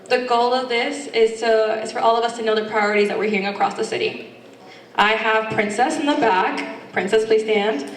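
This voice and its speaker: Woman hosting a candidate forum, conversational, high-ish voice, hall echo. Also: flat delivery, a little fast. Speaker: forum host. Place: community meeting hall. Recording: echoey hall from far off.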